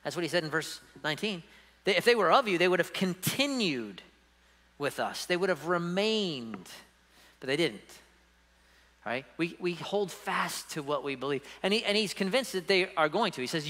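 A man's voice: high-pitched, expressive, normal speed, sharp tone, long reverb tail. A man preaching a sermon as pastor, emphatic and conversational, often checking in with the congregation. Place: church sanctuary.

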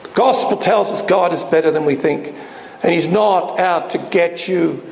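An emphatic male preacher delivers a sermon in an echoey hall with faint background noise. His darkish voice has vocal fry and moves at normal speed, swinging up and down in pitch as he poses rhetorical questions.

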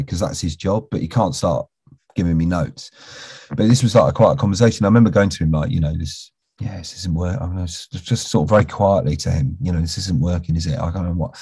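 A man's voice: low voice, brisk, warm tone, husky, no room sound. A middle-aged British man, an actor, casually telling a long anecdote in a rambling way, full of restarts and "you know", sometimes dropping almost to a whisper. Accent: British English. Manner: rambling, with many restarts and "you know"s, drops to a near whisper when quoting. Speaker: actor interviewed as a guest.

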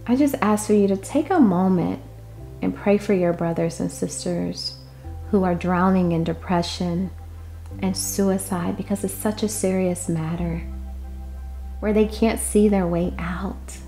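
Slow, impassioned woman delivering a prophetic word. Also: on the low side, steady tone, faint music behind. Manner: impassioned, relays divine quotes, swings between loud declarations and hushed asides. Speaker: prophetic minister.

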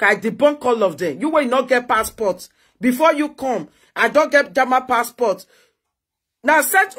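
Husky Nigerian woman ranting and taunting. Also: a little high. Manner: taunting and mocking. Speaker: social media personality. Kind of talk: heated live video rant. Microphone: phone on live video.

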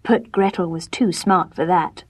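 Husky-voiced woman reading a fairy tale. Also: fairly low pitch, unhurried, a little mellow. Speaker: storyteller. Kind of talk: scripted storybook narration.

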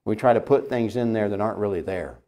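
A pastor delivers a sermon lesson earnestly and emphatically, posing rhetorical questions to his listeners. He talks fast in a fairly low voice, swinging between loud peaks and quiet lines.

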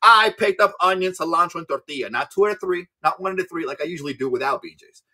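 A man hosting a livestream, talking in loose, casual chat. His voice is bright and forceful, and his pitch swings widely as he jokes crudely, laughs often and stumbles over repeated words. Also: animated, quick pace. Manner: repeats words, talks in bursts. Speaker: livestream seller host.

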